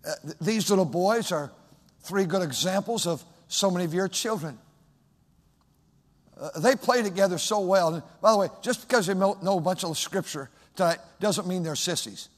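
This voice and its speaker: A man preaching a sermon as pastor, swinging from loud, shouted emphasis to soft, hushed speech. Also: high voice, normal speed. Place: large church sanctuary. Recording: long hall reverb.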